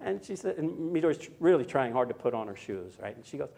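A man's voice: medium pitch, big pitch swings, fast, gravelly, dark tone. An older man preaching a sermon in a chatty, anecdotal way, with frequent asides and tag questions. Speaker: pastor. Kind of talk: sermon with personal story.

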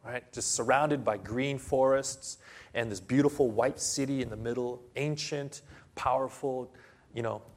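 A man with a medium-pitched voice preaches to a congregation, telling a story in a slow, dramatic way punctuated by sudden loud bursts.

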